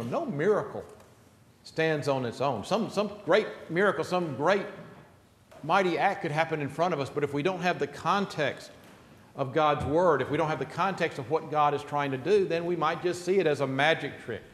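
A man's voice: on the high side, moderate pace, roomy sound, in a large hall, slight background noise. A man pastor preaching an earnest, emphatic sermon in a church sanctuary.

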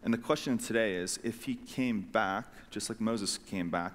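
A man preaching a sermon as pastor, retelling scripture in a casual, animated way with lively voiced asides. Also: fairly low pitch, normal speed. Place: church sanctuary. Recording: long hall reverb.

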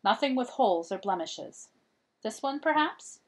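A woman's voice: fairly high pitch, lively intonation, a little slow, voice pushed up. A woman reading as a determined young girl. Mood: firm. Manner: firm, earnest. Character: determined young medieval girl, painter's daughter.

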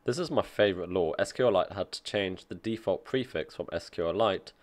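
A man's voice: low voice, moderate pace. A man reading an article aloud and reacting with offhand, dry remarks in a casual tech commentary.

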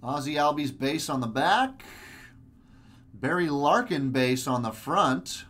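A man's voice: on the high side, lively intonation, takes it slowly, a bit bright. A man hosting a live card-break stream, giving chatty, upbeat commentary as he opens packs. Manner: chatty, upbeat, many fillers.

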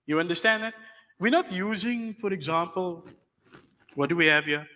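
A man with a high, bright voice lectures a class on Islamic law. He explains patiently and keeps checking that the students follow. The sound carries a long reverb from the hall. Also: normal speed. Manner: explains patiently, checks understanding with rhetorical questions.

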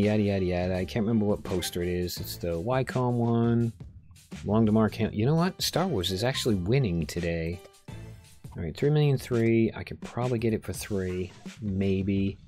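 A man with a lowish, slightly mellow voice casually narrates his own gameplay from a home room while a rainstorm goes on outside. As a gameplay video host, he jokes, reads the customers' lines aloud, and talks to himself.

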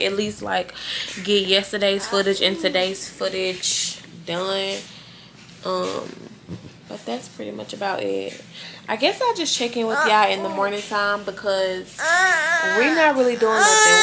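A woman's voice: creaky, noisy background. A woman, chatting casually in a home vlog in a laid-back way. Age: 20s. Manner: laid-back, talks to her baby in high playful voice. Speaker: vlogger. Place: home apartment.

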